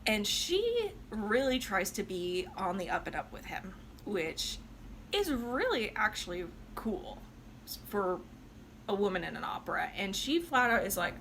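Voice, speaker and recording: Drunk lady retelling an opera, chatty and snarky, brightish voice, faint hum behind. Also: medium pitch, very animated, a little slow, creaky. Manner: chatty, sarcastic asides, lots of "like". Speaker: opera reviewer. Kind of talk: casual comedic opera recap.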